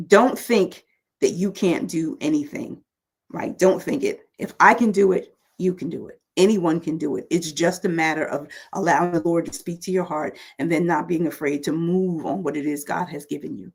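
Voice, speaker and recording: Woman guest, husky voice, earnest church-style encouragement. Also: sits low, darkish tone. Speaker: guest speaker. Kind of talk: casual chat.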